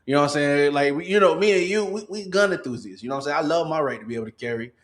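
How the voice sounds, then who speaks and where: A man's voice: on the high side, rapid-fire. Slangy man chatting, rambling and repetitive. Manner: rambling, peppered with "you know what I'm saying". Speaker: podcast host. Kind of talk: casual podcast chat.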